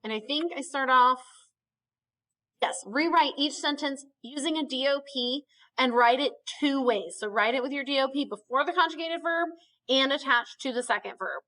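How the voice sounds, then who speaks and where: A woman's voice: high voice, normal speed, bright, forceful tone. A woman teaching a Spanish grammar lesson in a recorded video, explaining patiently step by step and checking in with frequent okays.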